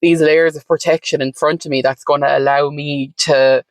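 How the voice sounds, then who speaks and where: A woman's voice: deep voice, level tone, normal speed, no echo. A woman talking candidly as an interview guest, frank and chatty with lots of fillers and the odd swear word. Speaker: podcast guest.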